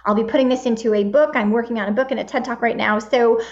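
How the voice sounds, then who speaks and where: Answering interview questions at a very fast clip, this sixty-ish woman is a show guest and midlife empowerment advocate with an upbeat, motivational tone. Her voice is fairly high with fairly even intonation, captured on a dull, lo-fi recording.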